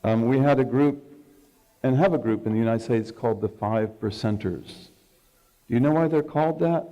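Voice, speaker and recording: An older man giving a religious lecture to an audience, telling stories in an animated way and asking listeners questions. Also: medium pitch, normal speed, highs cut off. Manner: storytelling, animated, acts out quoted speech.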